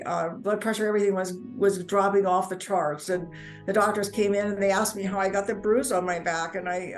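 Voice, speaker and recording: A woman telling her personal life story in earnest, halting speech, often repeating words as she goes. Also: medium pitch, rough recording. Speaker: near-death experience storyteller. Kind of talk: personal testimony.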